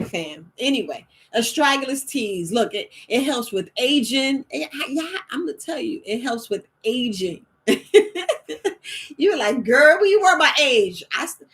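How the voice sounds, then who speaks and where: Chatty, animated woman herbalist. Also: fairly high pitch. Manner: animated, chatty, repeats herself, laughs often. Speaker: herbalist host. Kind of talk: casual live-stream talk.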